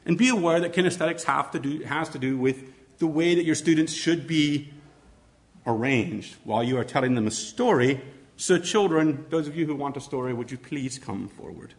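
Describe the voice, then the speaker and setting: A man teaching fellow educators how to read stories aloud, with an expressive, demonstrative delivery. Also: a little high, normal speed. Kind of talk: instructional talk on read-aloud storytelling.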